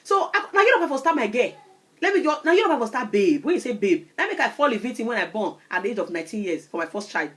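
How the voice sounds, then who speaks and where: A woman in her thirties with a Nigerian Pidgin-influenced English accent, giving animated advice to camera and often asking "you understand?". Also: a little high, fast. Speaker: vlogger.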